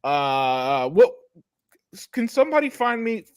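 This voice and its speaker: A man's voice: high-pitched, sing-song, a little slow, smooth. A man hosting a casual opinion chat, combative, often repeating his words.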